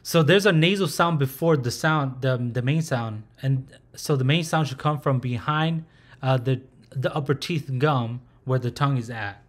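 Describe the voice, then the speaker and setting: A man's voice: mid-range voice, normal speed. A man teaching a recorded language lesson. He speaks patiently, sounds out syllables and repeats them aloud.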